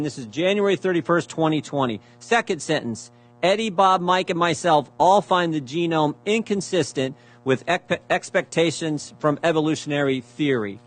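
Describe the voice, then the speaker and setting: A man giving a prepared speech at a hearing, reading out emails, repeating phrases for emphasis and asking pointed rhetorical questions. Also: a little high. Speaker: speaker presenting evidence at a hearing.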